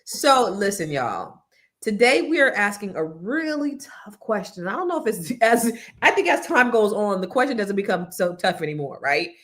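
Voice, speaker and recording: A woman with a Californian accent hosts an online panel show. She talks in a lively, chatty way and teases her guests. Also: medium pitch, moderate pace. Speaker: panel host. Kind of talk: casual panel talk show.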